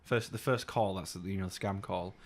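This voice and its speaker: A young man co-hosting a podcast, swearing often and telling stories in a casual, animated way with mocking put-on voices. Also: sits low, moderate pace. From United Kingdom. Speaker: podcast co-host. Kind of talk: casual chat.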